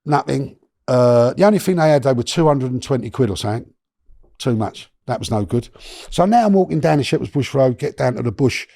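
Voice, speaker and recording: Middle-aged guest, gravelly, dark tone, animated storyteller with slang and restarts, dry close sound. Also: male voice, mid-range voice, brisk, dry recording. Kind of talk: storytelling in a podcast interview.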